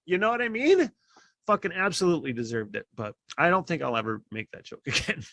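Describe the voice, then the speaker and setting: A man hosts his own podcast, telling a loose, profane story packed with fillers and chuckles. His voice is bright and sits a bit high for a man. The recording is dry and close, with no room sound. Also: big pitch swings, brisk, creaky, no room sound. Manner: profane, rambling storytelling with many fillers and laughs. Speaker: podcast host. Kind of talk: casual monologue. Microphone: podcast microphone.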